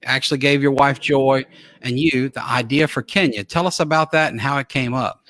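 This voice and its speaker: A man's voice: medium pitch, steady tone, moderate pace, fairly bright tone, no room sound. A man hosting a small-town live interview show, chatty and friendly, often chiming in with short replies. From Louisiana. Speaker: host.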